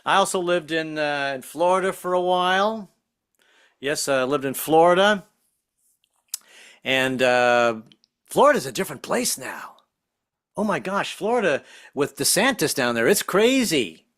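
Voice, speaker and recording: A man's voice: a little high, expressive, unhurried, long pauses, fairly bright tone. A man in his sixties doing a jokey stand-up comedy set over a video call, slipping into silly voices. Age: 60s. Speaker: stand-up comic.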